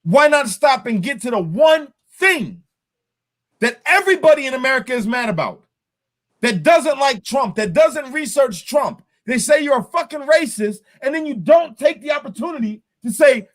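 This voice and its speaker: High-pitched man ranting with profanity. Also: sing-song, moderate pace, fairly bright tone. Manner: profane, ranting, emphatic repetition. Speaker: host. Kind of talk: heated political discussion.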